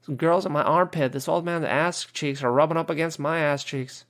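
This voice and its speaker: American man, podcast host, gravelly, slightly high voice, casual swearing rant, exasperated. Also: fairly even intonation, normal speed. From United States. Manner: swearing, frequent "you know" fillers, exasperated.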